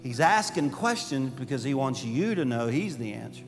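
A man's voice: a little high, very animated, unhurried, hardly any pauses. A man preaching a sermon as a pastor, telling stories animatedly and acting out the voices he quotes. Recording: long hall reverb, faint music behind.

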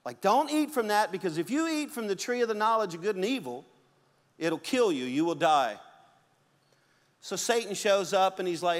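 A middle-aged man preaching a sermon as a pastor, animated and acting out the quotes and stories he tells. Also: high voice, moderate pace. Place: church sanctuary. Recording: long hall reverb.

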